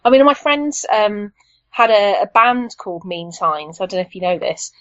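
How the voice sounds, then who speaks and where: A woman's voice: mid-range voice, animated, moderate pace, fairly bright tone, dry recording. Woman, podcast guest, rambling eager chat, slightly muffled dry recording. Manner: enthusiastic, rambling, many fillers. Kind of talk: casual chat.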